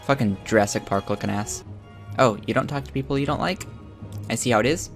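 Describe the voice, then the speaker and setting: A man giving crude, joking commentary while playing a video game, with loud excited outbursts. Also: medium pitch, fairly quick, gravelly, faint music behind. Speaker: gamer streaming his own play. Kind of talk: profane let's-play commentary.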